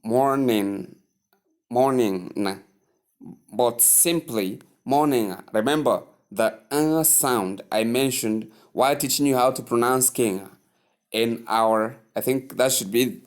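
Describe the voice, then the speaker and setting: A man teaching English pronunciation, repeating each word slowly and carefully. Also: mid-range voice. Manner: repeats words slowly, drawn-out emphasis. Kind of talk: slow spoken lesson.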